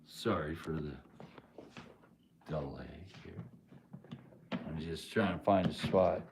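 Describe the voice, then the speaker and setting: A man's voice: a bass voice, slow pace, background noise. A man hosting a live stream, talking in a rambling, laid-back way with lots of fillers. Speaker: livestream host. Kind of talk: casual live-stream chat.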